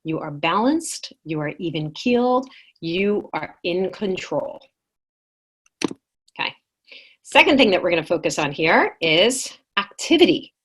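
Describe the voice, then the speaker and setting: A woman's voice: lowish voice, unhurried, husky. Engaging woman leading an online workshop. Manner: lively, engaging, reads chat responses aloud. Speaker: workshop presenter.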